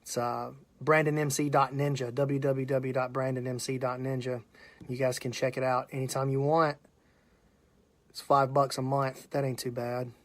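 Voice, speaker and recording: A man's voice: mid-range voice, little pitch movement, normal speed. A man with a Southern US accent hosting a casual live stream, chatting and greeting viewers by name. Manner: chatty, shouting out viewers, laughing often. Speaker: podcast host.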